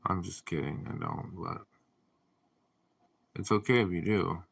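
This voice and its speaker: A man hosting a casual livestream, reading viewer comments aloud and answering them in a deadpan, drowsy way. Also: sits low, unhurried, vocal fry, husky. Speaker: livestream host.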